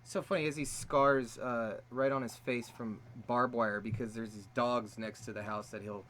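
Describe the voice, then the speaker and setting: A man chatting casually on a stream. He talks in a relaxed, laughing way, full of fillers and trailing phrases. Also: medium pitch, moderate pace. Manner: laid-back, laughing, with filler-heavy trailing speech.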